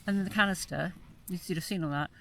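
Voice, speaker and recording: A woman's voice: on the low side, fast talker, creaky, a bit bright. A woman vlogging from inside a small tent in winter, chatting aloud to the camera and musing as she goes. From South East London. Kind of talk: casual solo camping vlog.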